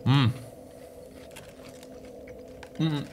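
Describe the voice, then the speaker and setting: A young man streaming live gameplay commentary, swearing and yelling at the game, then apologizing. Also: very slow, slight background noise.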